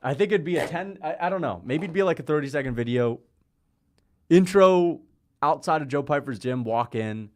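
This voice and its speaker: A man hosting a casual livestream, chatting and calling fights, rambling from topic to topic, laughing often and getting excited at big moments. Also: on the high side, moderate pace. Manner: rambling, jumps between topics; laughs often mid-sentence. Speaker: livestream host.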